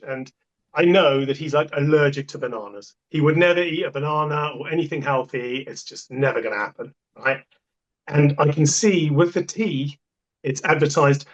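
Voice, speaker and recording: A man, a podcast guest, telling stories in a casual, emphatic way and repeating himself for effect. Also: on the high side. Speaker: portable toilet supplier, podcast guest. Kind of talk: casual storytelling. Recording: dull lo-fi sound.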